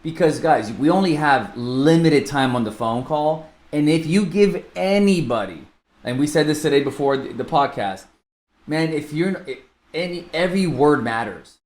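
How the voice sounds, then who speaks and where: A man co-hosting a casual podcast as a real estate coach, talking quickly and restarting his sentences. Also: fairly high pitch. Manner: animated, fast-talking, self-interrupting. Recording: echoey room.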